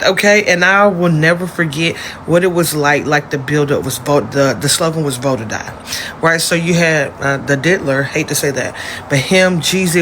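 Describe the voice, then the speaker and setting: A man's voice: on the high side, a bit bright, slight background noise. Emphatic thirtysomething man reminiscing. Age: 30s. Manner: emphatic, reminiscing, swears freely. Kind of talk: casual storytelling to camera.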